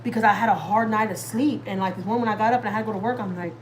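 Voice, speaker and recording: Chatty mom on a live stream. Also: female voice, mid-range voice, very fast, a little hiss or hum, poor audio. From Texas, USA. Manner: chatty and rambling, talks straight to viewers. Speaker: family vlogger hosting a live stream. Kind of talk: casual live-stream chat. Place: at home.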